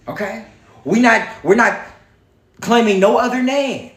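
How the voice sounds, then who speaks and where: Defiant, high-voiced man in an echoey room. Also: a little slow, pauses often, fairly bright tone. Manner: defiant, preachy, heavy swearing. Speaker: livestream host. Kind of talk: fiery livestream monologue.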